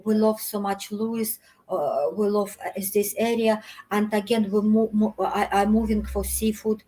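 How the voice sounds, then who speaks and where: A woman from Russia with a Russian accent, a guest chatting casually in halting, broken English full of restarts. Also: mid-range voice, fairly even intonation, mellow, low-quality recording. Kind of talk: casual chat. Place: hotel.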